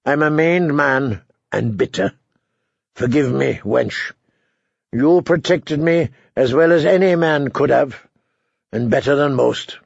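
A man voicing a proud, bitter, maimed male knight who talks in a sardonic, mocking way with a gravelly voice. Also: mid-range voice, slow pace, dry recording. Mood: subdued. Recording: dull dry lo-fi recording.

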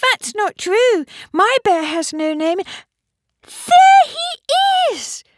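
Casting: a clingy little girl, squeaky and tearful, storybook reading. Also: big pitch swings, very slow, dry recording, studio quality, heavily acted. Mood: excited. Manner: high, pleading child voice.

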